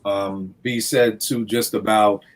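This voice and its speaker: Animated man telling stories. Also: lowish voice, slow pace. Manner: animated storyteller, acts out quotes. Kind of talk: casual podcast conversation.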